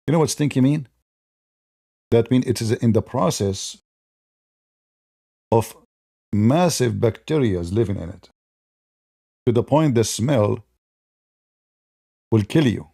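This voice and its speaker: A man's voice: mid-range voice, animated, takes it slowly, creaky, long pauses, mellow, no echo, studio quality. A man delivering a mocking, combative monologue in non-native English grammar, sarcastic and scornful as an online debater. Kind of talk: polemical monologue.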